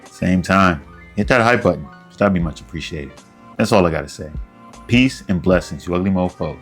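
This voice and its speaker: A man's voice: deep voice, expressive, normal speed, soft background music. A man hosting a casual commentary vlog, rambling and joking in a self-deprecating way. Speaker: commentary channel host.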